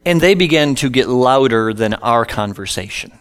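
A man's voice: medium pitch, expressive, moderate pace, clear, resonant tone. A middle-aged male pastor telling a humorous personal story in a sermon, self-deprecating and conversational.

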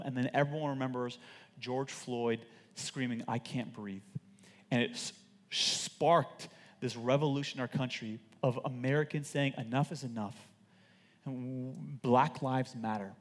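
A man preaching a sermon as a pastor, animated and emphatic with joking stories, in a large church auditorium. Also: mid-range voice. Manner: animated, emphatic, jokey storytelling. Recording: long hall reverb.

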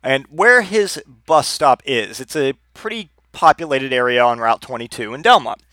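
A man's voice: medium pitch, lively intonation, normal speed, pushed and bright, no echo. A man in his thirties telling a personal story in a rambling, profane way, often repeating words. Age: 30s.

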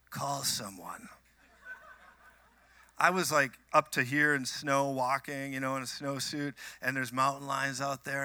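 Bright, lively man preaching. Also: on the high side, no room sound. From Minnesota. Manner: animated storyteller, joking asides to the crowd. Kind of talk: sermon with personal stories. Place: church.

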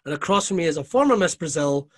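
A man telling stories as a guest, his voice sitting a little high. He swears freely and throws himself into his anecdotes, laughing along the way. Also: fast talker. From Scotland. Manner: profane, animated anecdotes with laughter. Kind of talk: casual storytelling.

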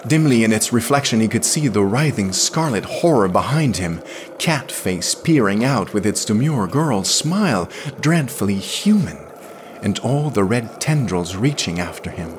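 A man reading a pulp science fiction story aloud, dramatic and expressive. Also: on the low side, moderate pace, noisy background. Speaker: podcast reader.

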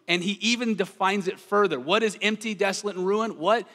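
A man's voice: high-pitched, brisk, fairly bright tone. A man in his thirties preaching a sermon as a pastor, earnest and emphatic, reading scripture with dramatic weight. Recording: long hall reverb.

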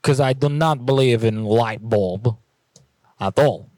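A man puts on a prank caller with a jumbled mix of foreign accents who speaks in broken English. He presses the same baffled questions over and over at a middle pitch. The voice is close and dry. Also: darkish tone, no echo, close to an everyday voice. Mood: insistent. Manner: halting, baffled, pushy questions.

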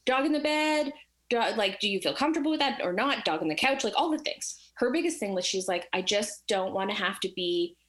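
A woman telling a personal story in casual chat, animated and acting out the voices of the people in it. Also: medium pitch, fairly quick, hardly any pauses.

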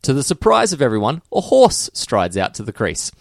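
An Australian man chats on a podcast in a middle-pitched voice that rises and falls with real liveliness as he spins a joke. The sound is close and dry, with no room around it. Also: normal speed, creaky, no room sound. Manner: animated joke-telling, swinging pitch up and down. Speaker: podcast co-host. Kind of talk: casual podcast chat.

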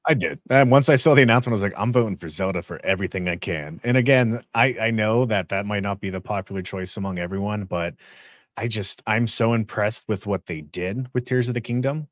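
A man co-hosting a podcast, chatting eagerly and restarting his sentences as he gets excited. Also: on the low side, fairly quick, dry recording, studio quality. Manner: enthusiastic, many restarts and fillers. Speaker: podcast co-host. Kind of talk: casual chat.

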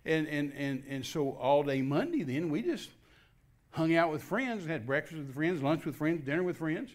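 A man's voice: a little high, normal speed. An older man telling a personal testimony in a folksy way, acting out the dialogue as he goes. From Texas. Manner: folksy, repetitive restarts, animated quoting of dialogue. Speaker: guest minister.

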